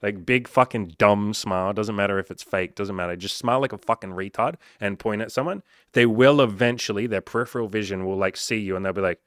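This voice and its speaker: Blunt, profane man with a low voice. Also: fairly quick, hardly any pauses, a bit bright, dry recording, clean studio sound. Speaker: dating coach. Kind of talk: casual coaching monologue.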